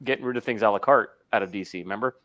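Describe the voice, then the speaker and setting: A man's voice: on the low side, rapid-fire, fairly bright tone. A man co-hosting a podcast in crude casual chat, making jokes and laughing as he talks. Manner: wisecracking, laughing.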